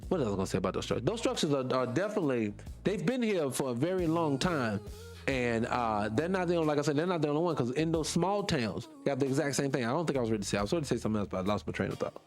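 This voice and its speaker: A man's voice: medium pitch, lively intonation, very fast, soft background music. A man, hosting a casual morning livestream, rambling and impassioned, answering chat comments and losing his train of thought. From small town in North Carolina. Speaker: morning show host.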